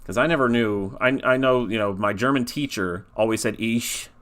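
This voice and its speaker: A man's voice: medium pitch, brisk, fairly bright tone. A man casually commenting on his own game during a livestream, rambling and laid-back, with the odd swear. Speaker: game developer streamer.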